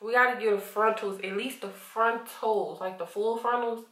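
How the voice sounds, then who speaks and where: A woman's voice: on the high side, fairly even intonation, moderate pace, a bit bright. A sleepy woman with a Southern US accent chatting casually to camera at home, laughing often and calling viewers honey. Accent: Southern US (Arkansas). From Arkansas, USA. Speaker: vlogger. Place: at home, indoors. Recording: roomy, from a distant camera mic.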